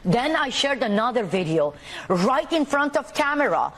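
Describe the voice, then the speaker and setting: Fervent high-voiced activist woman from Iran. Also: big pitch swings, moderate pace, fairly bright tone. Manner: fervent, emphatic, indignant. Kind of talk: TV interview.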